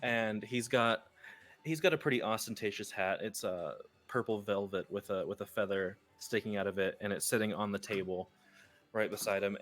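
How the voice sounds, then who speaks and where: A man's voice: lowish voice, a bit bright. A man narrating a tabletop role-playing game as game master, rambling and casual with many fillers.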